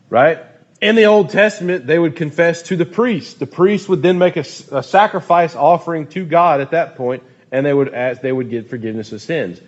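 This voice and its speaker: A man leads a casual youth group talk with a slightly high voice. He jokes loosely and tells stories with animation. The sound is a little muffled and dull. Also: moderate pace. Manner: loose, joking, animated storytelling.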